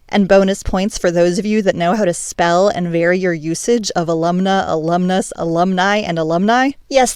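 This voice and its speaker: A woman's voice: medium pitch, clear, resonant tone, dry recording, studio quality. A woman hosting a language podcast, delivering a scripted monologue in a playful, emphatic, teacherly way. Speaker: podcast host.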